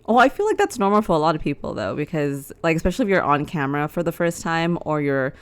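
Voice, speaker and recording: A woman's voice: low voice, very animated, fast talker, clear, resonant tone. A young woman co-hosting a casual podcast from her living room, chatty and giggly, with lots of "like" fillers. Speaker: podcast co-host. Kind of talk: casual chat.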